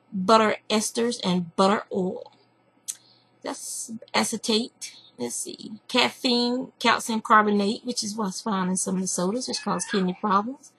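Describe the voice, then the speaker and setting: A woman's voice: medium pitch, a bit bright, slightly rough, poor audio. A woman with a Southern accent, hosting a craft show from home in a rambling, chatty way and recording on a computer microphone. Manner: rambling, chatty, reads lists aloud with asides. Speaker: craft podcast host. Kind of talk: casual chat. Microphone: computer webcam mic.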